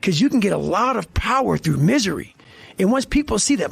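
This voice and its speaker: Raspy, high-voiced man telling a story. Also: big pitch swings, fast, faint music behind. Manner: intense, profane, blunt. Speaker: podcast guest telling a story. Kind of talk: casual storytelling in a podcast interview.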